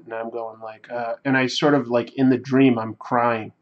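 A man hosting a livestream, telling a story in a rambling, reflective, halting way. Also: medium pitch, highs cut off. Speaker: livestream host. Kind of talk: casual storytelling while drawing on a livestream.

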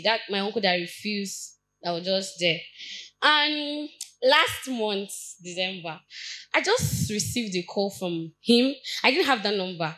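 A young adult woman with a Nigerian accent, giving a personal testimony at a church Bible study in an earnest, halting way, often restarting her sentences. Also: a little high, a bit bright, rough recording.

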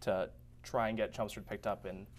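A man's voice: on the low side, level tone, moderate pace, slight background noise. A man working as a town recycling coordinator, explaining his job in a plain, matter-of-fact way. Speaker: board of health candidate and recycling coordinator.

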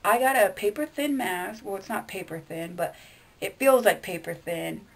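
A woman vlogging to her viewers in a casual, rambling way, blunt and quick to swear. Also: mid-range voice, creaky. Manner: chatty, addresses viewers directly. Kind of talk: casual chat to camera.

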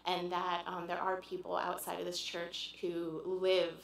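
A woman in her forties from Pennsylvania speaking earnestly and warmly to a church congregation, pausing often with "um". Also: fairly low pitch, completely flat delivery, creaky. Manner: earnest and heartfelt, many "um" pauses. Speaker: visiting churchgoer addressing the congregation. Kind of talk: informal church speech. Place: church sanctuary. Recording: echoey church room.

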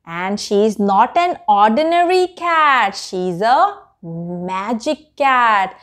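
A woman telling a story to children, slow and animated, speaking straight to the listening child. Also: a little high.

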